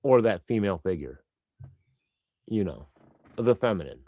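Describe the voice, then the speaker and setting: A man's voice: on the low side, sing-song, moderate pace, dry recording, muffled recording. A man hosting a live stream, chatting loosely and reading out viewer comments in a rambling, irreverent way with casual swearing. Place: lives in Canada.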